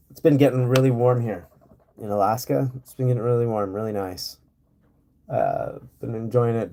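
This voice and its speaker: A man talks loosely to his live-stream viewers from home, his voice dark and mellow at a middling pitch. He rambles from one thought to the next, filling gaps with "uh" and "like", and laughs easily. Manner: rambling, laid-back, laughs often, many fillers. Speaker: livestream host. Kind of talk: casual live-stream chat. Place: home in rural area.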